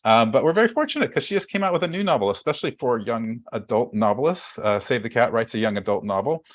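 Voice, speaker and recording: A man's voice: medium pitch, animated, quick pace, lo-fi sound. A man hosting a writing webcast over a video call, talking in a chatty, rambling way with many fillers and restarts. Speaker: webcast host. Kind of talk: casual webcast introduction.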